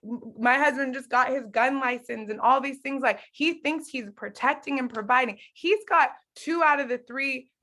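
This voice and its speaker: Earnest woman in her 30s talking marriage and faith with followers, chatty, kinda high voice, acts out little quotes. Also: moderate pace, hardly any pauses, pushed and bright. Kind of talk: casual teaching talk to followers.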